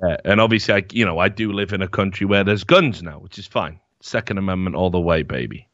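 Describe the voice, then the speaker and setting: A man's voice: low-pitched, fast talker, a bit bright, dry recording. A man hosting a podcast, telling rambling stories in casual chat, full of fillers and swearing. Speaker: podcast host. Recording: slightly dull, dry mic sound.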